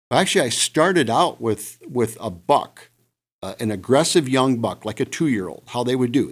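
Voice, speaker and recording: A man on a podcast telling a hunting story in casual talk, animated and imitating deer calls now and then. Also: medium pitch. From Midwest United States. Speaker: podcast co-host, hunter.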